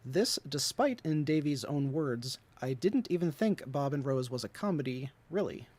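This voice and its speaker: American guy reading bits of the book out loud, kinda high voice, quick and easygoing. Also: expressive. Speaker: co-host reading quoted passages. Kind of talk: casual read-aloud podcast.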